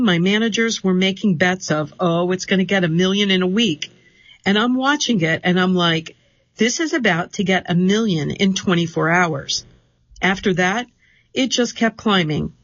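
A radio reading service host reads a printed interview aloud, questions and answers alike. The delivery is even and measured. The sound is muffled and lo-fi, and the booth is dry. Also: medium pitch, no echo. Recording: dull lo-fi dry studio sound.

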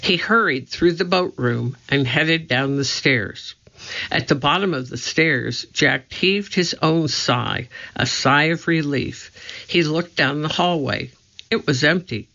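A storybook narrator reads slowly and deliberately. The voice is bright and has a gravelly fry. The recording is muffled and lo-fi. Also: medium pitch. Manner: slow, deliberate reading. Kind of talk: storybook reading.

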